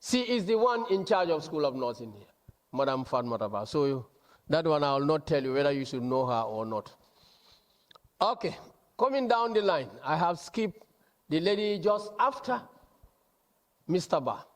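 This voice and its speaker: A man with a fairly high voice speaks as a college registrar at a student orientation. He introduces the staff in a chatty way and keeps checking in with the audience. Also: animated, moderate pace, long pauses. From The Gambia. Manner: chatty, asks the audience "huh?" and "not so?".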